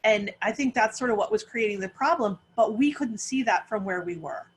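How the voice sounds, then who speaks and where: A woman's voice: mid-range voice, lively intonation, brisk, slightly rough. A middle-aged woman, a parent panelist, telling a long story with many restarts over a video call.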